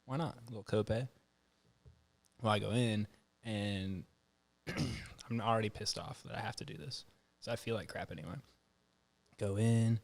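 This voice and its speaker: A man's voice: fairly low pitch, fairly even intonation, moderate pace, pauses often. A man hosting a podcast, telling a story in casual chat and acting out the voices of the people in it. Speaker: podcast host.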